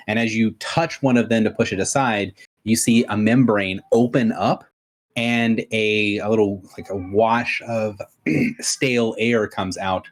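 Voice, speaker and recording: A man narrating and explaining options as game master of a tabletop game, in a relaxed, rambling way. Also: lowish voice.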